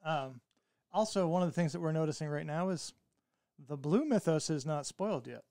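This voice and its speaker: A man's voice: fairly high pitch, normal speed, warm tone, no room sound, studio quality. A man co-hosting a casual podcast, talking in an easygoing, reflective way with jokes. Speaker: podcast co-host. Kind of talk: casual chat.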